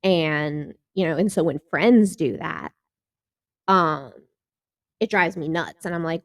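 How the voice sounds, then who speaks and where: A woman's voice: low-pitched, slow pace, pauses often, no echo, studio quality. A woman hosting a reaction video in a casual, chatty way, laughing often and acting out quoted lines.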